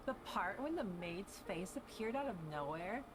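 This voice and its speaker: A woman in a casual stream clip, gushing and excitable. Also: medium pitch, normal speed, noisy background. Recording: clip with loud background music.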